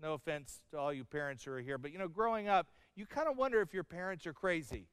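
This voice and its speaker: A middle-aged man delivers a sermon in a high, smooth, resonant voice, mixing humor into his stories and playing out each quoted line. His voice sits close and dry on the mic while a long reverb hangs in the hall behind it. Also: animated, quick pace, a bit bright. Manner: storytelling with humor and acted-out quotes. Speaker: pastor.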